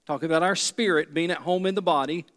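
A man's voice: a little high, fast talker, fairly bright tone, long reverb tail. A pastor preaching a sermon, a man who drives points home by repeating key phrases.

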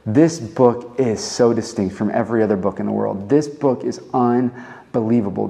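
An earnest male pastor delivering a sermon, pushing his lines upward as he builds emphasis. His voice is dark and mellow, with a gravelly edge running through it. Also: medium pitch.

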